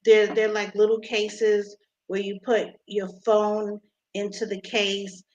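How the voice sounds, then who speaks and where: A woman being interviewed about her invention, talking with many pauses and restarts. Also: medium pitch, little pitch movement, a little mellow, muffled recording. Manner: halting, many ums and restarts. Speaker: inventor guest.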